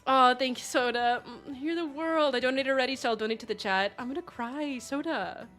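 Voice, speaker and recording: A young woman hosting a livestream gushes effusively, thanking donors again and again and laughing often. Her voice is high-pitched, brisk and fairly bright. Faint background music plays beneath the casual chat.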